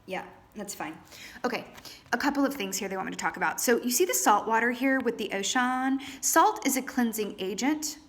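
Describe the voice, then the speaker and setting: A woman's voice: a little high, expressive, a little fast. A woman reading tarot cards to camera in a chatty, theatrical way, calling viewers honey and darlings. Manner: theatrical, trained stage performer. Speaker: tarot reader.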